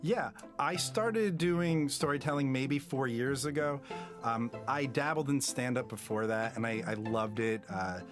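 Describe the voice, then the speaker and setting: A man in his thirties from New Jersey, telling a personal story with comic timing and big jumps in pitch. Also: measured pace, over music.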